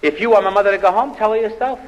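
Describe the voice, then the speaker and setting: A man voicing a defiant married woman in a joke, in a snappish falsetto, recorded live on a theatre stage. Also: racing, dull audio, close to an everyday voice. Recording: live theatre hall reverb.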